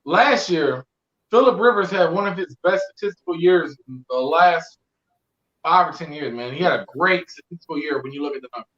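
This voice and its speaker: A man talking casually on a sports podcast, animated and slangy, with plenty of swearing. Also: a little high, brisk, roomy sound, lo-fi sound. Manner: animated storyteller, slangy and profane. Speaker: podcast co-host, Colts fan.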